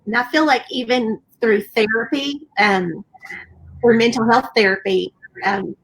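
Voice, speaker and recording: A woman's voice: fairly high pitch, a little slow, breathy edge, poor audio. A woman hosting an interview, talking reflectively in a casual, conversational way. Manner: reflective, conversational, many fillers. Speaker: interview host. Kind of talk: casual chat.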